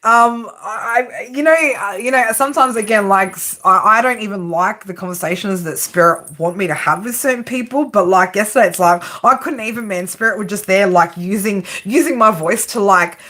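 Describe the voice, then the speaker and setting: A woman's voice: medium pitch, moderate pace, hardly any pauses, bright, forceful tone. A woman with an Australian accent giving a casual, chatty live tarot reading, laughing often and swearing freely. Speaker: tarot reader.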